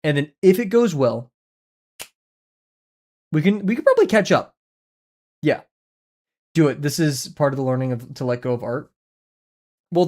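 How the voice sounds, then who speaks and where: A man's voice: medium pitch, darkish tone. Young male streamer, casual and rambling, playful self-talk with light swearing, mid-range voice. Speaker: art streamer. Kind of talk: casual livestream chat while drawing.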